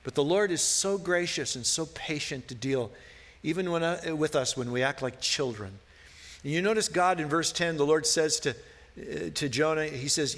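Guy pastor preaching, bright ringing voice, long echo like a big church hall. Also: fairly high pitch, unhurried. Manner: earnest, rising to emphatic questions. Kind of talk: sermon. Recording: long reverb of a large hall.

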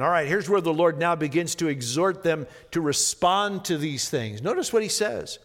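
A man preaching a sermon, reading scripture slowly and emphatically, then explaining it and rising into impassioned pleas. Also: on the high side, animated, fairly bright tone, long reverb tail. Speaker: pastor.

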